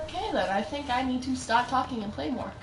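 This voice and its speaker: A young woman chatting casually on a live gaming stream, telling a story and breaking into excited shouts at the game. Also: sits high, brisk. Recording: roomy echo, mic at a distance, loud background noise.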